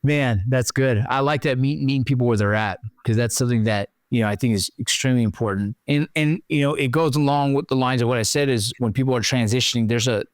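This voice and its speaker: A middle-aged man hosting a podcast, chatty and animated when he tells stories. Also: mid-range voice, fast, few pauses, dry recording, studio quality. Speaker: podcast host. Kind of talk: conversational interview.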